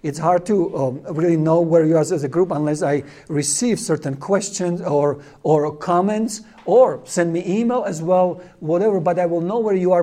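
A man from Czechoslovakia, teaching a class and telling animated stories that he laughs through. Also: on the high side. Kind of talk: storytelling lecture.

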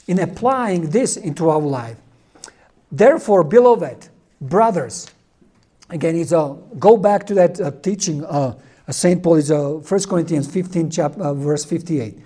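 Earnest man with a mellow voice. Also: high-pitched. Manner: earnest, halting, with many fillers and restarts. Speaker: lay Catholic speaker. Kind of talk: informal religious talk.

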